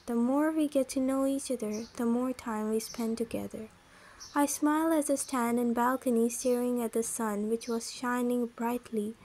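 A woman narrating a first-person romance story in a smooth, even reading manner. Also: a little high, poor audio.

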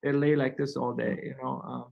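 Gravelly man, halting with fillers. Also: medium pitch, little pitch movement, narrow, tinny audio. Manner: halting, many fillers and restarts. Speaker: physician guest. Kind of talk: conversational webinar explanation.

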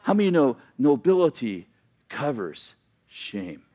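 A man's voice: medium pitch, very animated, a little slow, dark tone. A man preaching a sermon as a pastor, retelling a story conversationally with asides and self-corrections.

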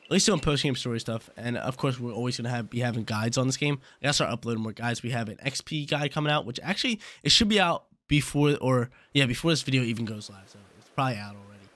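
A man's voice: mid-range voice, quick pace, few pauses, a bit bright, no room sound. A young man casually commentating his gameplay as a channel host, laid-back and slangy, often repeating himself.

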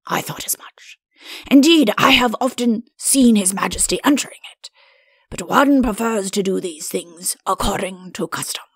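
A woman's voice: mid-range voice, normal speed, husky, dry recording, studio quality. A woman voicing a vain, good-natured male king in a storybook reading. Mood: self-important.

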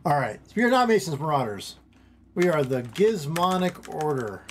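A man casually commentating his strategy game stream at home, rambling, interrupting himself and getting excited over small things. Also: a little high, moderate pace, slight background noise.

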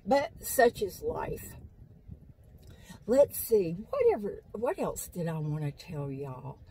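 Talking casually to viewers from a vehicle parked in a parking lot, a woman rambles through stories and laughs often. Her voice is on the low side, very animated, slow and dark in tone, recorded in low quality on a phone on a stand with slight background noise.

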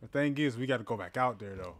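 A man casually commenting on a horror game as he plays, talking to his viewers and yelling when startled. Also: mid-range voice, quick pace. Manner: excitable, talks to viewers, yells at jump scares. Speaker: gaming channel host. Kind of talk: casual let's-play commentary. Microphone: headphones with a mic.

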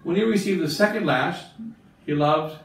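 Speaking to religious sisters in a catechism talk, the bishop asks them questions and repeats phrases to stress his points. His voice is on the high side and creaky at a normal speed, recorded from a distance in a very echoey room.

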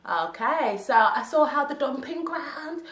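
A young woman, telling a storytime vlog tale in animated, slangy talk with laughs. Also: high voice, measured pace. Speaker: vlogger. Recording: roomy echo.

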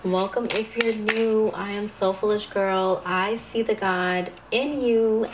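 A woman doing a tarot reading to camera, calm and spiritual, with sudden excited outbursts. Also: mid-range voice, slow, noisy background. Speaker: tarot reader.

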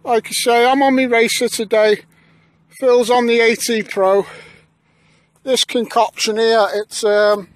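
A man's voice: high-pitched, no echo. A man vlogging a metal detecting trip outdoors, joking and bantering with his mates. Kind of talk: casual outdoor vlog chat. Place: outdoors in fields.

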